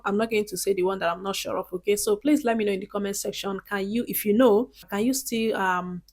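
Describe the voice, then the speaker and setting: A woman talks straight to camera in a casual advice vlog. She is chatty and earnest, and she often pauses to check in with her viewers. Her voice sits at an ordinary middle pitch. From Nigeria. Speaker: vlogger.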